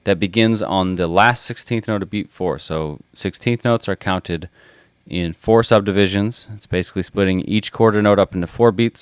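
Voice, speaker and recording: A man's voice: sits low, moderate pace, clean tone, no echo, studio quality. A man teaching a guitar lesson, patiently explaining and counting rhythms aloud as he plays. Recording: loud guitar playing behind the voice.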